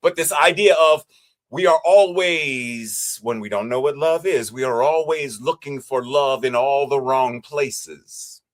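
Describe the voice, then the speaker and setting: A man preaching as a minister, with a measured, repetitive cadence. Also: medium pitch. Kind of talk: sermon.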